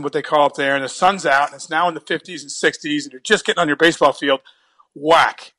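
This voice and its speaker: Bright-voiced chatty man from New Jersey. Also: a little high. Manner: chatty, repeats words when starting sentences, laughs often. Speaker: guest telling a story. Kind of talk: casual storytelling.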